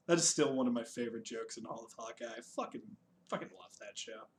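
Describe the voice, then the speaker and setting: A man's voice: mid-range voice, fast talker. A man co-hosting a casual chat reviewing a TV special, laughing often, swearing and joking at his own expense. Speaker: podcast co-host.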